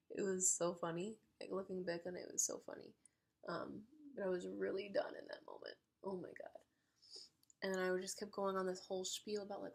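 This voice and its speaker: Brief: female vlogger, gravelly fry, husky edge, chatty and excitable storyteller. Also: medium pitch, a little fast. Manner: excitable, chatty, heavy use of "like". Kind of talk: casual storytelling.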